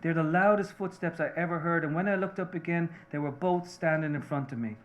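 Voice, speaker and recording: A man reading the part of a remorseful Irish-American mother, a seamstress, confessing earnestly and haltingly to her husband. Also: on the high side, lightly acted.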